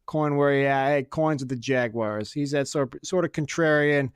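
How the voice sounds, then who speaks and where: A man's voice: medium pitch, moderate pace, clean tone. A man co-hosting a sports podcast, chatting casually, joking and swearing as he tells stories. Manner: profane, joking, storytelling. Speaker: podcast co-host.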